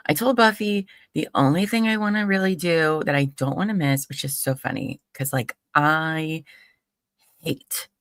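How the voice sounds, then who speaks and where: Woman streamer, chatty and rambling, very low pitch, gravelly, dry close sound. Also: a bit bright, no echo. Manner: chatty, laughs often, rambling. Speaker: true crime stream host. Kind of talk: casual live-stream chat.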